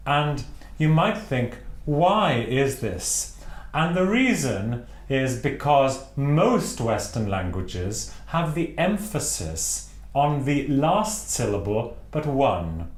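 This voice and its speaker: A man's voice: medium pitch, echoey room. A man from Wales teaching operatic singing technique, speaking with precise enunciation and demonstrating vowel sounds aloud. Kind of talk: instructional talk to camera.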